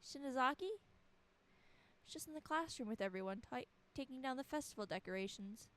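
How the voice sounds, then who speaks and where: A woman's voice: high-pitched, expressive, moderate pace. A woman voicing a frightened teenage schoolgirl, reading her panicky, pleading lines in a game. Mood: scared.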